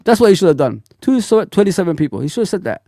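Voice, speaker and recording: A man in his forties hosting a fan livestream, talking bluntly in an animated, ranting way full of slang. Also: high-pitched, rapid-fire, no room sound, studio quality. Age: 40s. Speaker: football fan channel host. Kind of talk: casual livestream rant.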